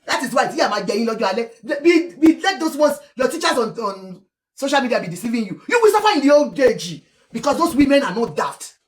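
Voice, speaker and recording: A Nigerian woman giving animated, scolding commentary on celebrity gossip, slipping between English, Yoruba and Pidgin. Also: high-pitched, fast, echoey room. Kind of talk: casual commentary vlog.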